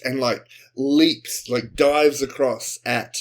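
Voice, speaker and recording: A man co-hosting a comedy podcast, improvising a sci-fi story and jumping into quick character voices. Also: medium pitch. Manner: animated, acts out characters in quick bursts. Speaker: podcast co-host.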